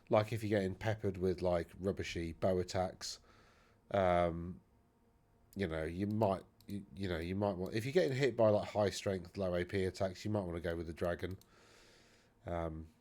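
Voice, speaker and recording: A man's voice: low-pitched, darkish tone. A man hosting a wargaming channel, casually talking through tournament army lists in a rambling, chatty way that often corrects itself. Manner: rambling, chatty, self-correcting with many fillers.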